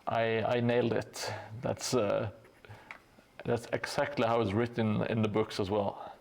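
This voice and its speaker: A man's voice: on the low side, level tone, a little slow, vocal fry, darkish tone. A man chatting casually on a live stream while painting terrain, rambling and poking fun at himself, with lots of fillers and restarts. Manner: rambling, self-mocking, many fillers and restarts. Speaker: streamer building a tabletop terrain board. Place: hobby workspace at home.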